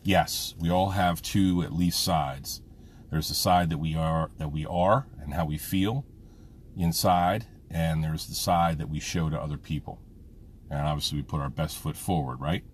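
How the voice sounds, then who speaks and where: A man with an extremely deep, low voice talks through a casual personal monologue, rambling and frank, with swearing dropped in freely. He sounds middle-aged, speaking as a father. A faint hum of vehicle noise sits behind him. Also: unhurried. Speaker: vlogger, father.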